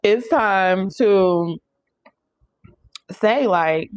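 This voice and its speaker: A woman's voice: fairly low pitch, fairly even intonation, unhurried. A young woman giving a casual channeled tarot reading, chatty and emphatic, often checking in with "okay?". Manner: chatty, emphatic, addresses listeners directly with frequent "okay?". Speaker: tarot reader.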